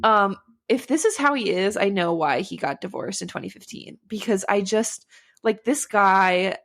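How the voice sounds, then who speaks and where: A woman's voice: mid-range voice, a bit bright. A young woman co-hosting a podcast, recapping a book in a chatty, sarcastic way with frequent laughs. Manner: chatty, sarcastic, laughs often, quick asides. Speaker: podcast co-host. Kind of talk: casual chat recapping a book.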